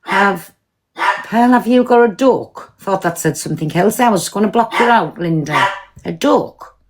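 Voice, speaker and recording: A woman's voice: medium pitch, animated, normal speed, slight background noise. A woman hosting a live stream from home, talking casually and bluntly, swearing freely and answering her viewers. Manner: blunt, swears freely, talks back to commenters.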